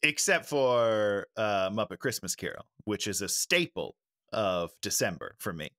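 Bright, lively-voiced man gushing about movies. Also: lowish voice, measured pace. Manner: enthusiastic, agreeable, animated. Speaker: podcast co-host. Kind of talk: casual chat.

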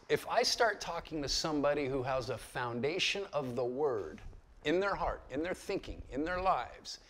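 A man's voice: on the high side, a bit bright. A man in his fifties giving an informal Bible lecture to a group, conversational and full of stories and asides. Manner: conversational and storytelling, with asides and chuckles. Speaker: pastor teaching a Bible lecture. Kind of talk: informal teaching talk to a group.

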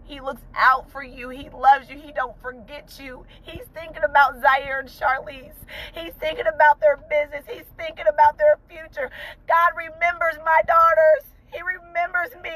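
A high-pitched woman speaks to her viewers from a car while crying. Her talk is fervent and tearful, and she keeps repeating encouraging phrases. She sounds like a mother sharing family news in a casual vlog. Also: a bit bright, poor audio. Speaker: vlogger, mother of two young entrepreneurs. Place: inside a parked car.

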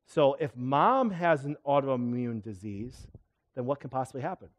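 A middle-aged male chiropractor with a medium-pitched voice gives a health talk at a live seminar, speaking at a moderate pace. He's animated and keeps throwing questions at the audience.

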